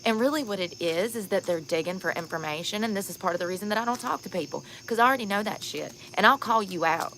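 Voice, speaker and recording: A woman's voice: mid-range voice, expressive, fast, few pauses, a bit bright, slight background noise. A tired, sunburnt woman vlogging outdoors at night, telling stories bluntly and candidly and laughing often. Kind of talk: casual outdoor storytelling vlog.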